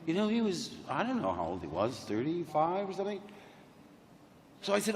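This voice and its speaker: Lively man telling stories in a big hall. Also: a little high, normal speed. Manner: animated, acts out quotes in different voices. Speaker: panel guest. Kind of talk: anecdotal storytelling to a crowd. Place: large convention hall. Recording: echoey convention hall, faint hum.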